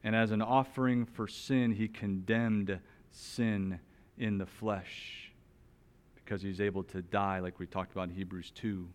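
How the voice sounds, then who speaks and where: A man preaching an expository sermon. He talks in an animated, emphatic way, rises loudly on some points, and drops to a soft, slow voice on others. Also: lowish voice, clean tone. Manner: animated, emphatic, with wide swings in loudness. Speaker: pastor.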